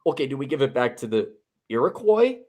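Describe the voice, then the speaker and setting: Lively, heated man ranting. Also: medium pitch, a little fast, crowd noise. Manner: profane, heated ranting with frequent restarts. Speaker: podcast host. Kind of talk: casual podcast chat.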